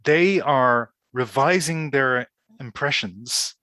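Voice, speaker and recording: A man's voice: medium pitch, slow pace, bright, forceful tone, dry recording. Man hosting, dry close sound. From Ireland. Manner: thoughtful, hesitant with many restarts. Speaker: podcast host. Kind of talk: casual conversation.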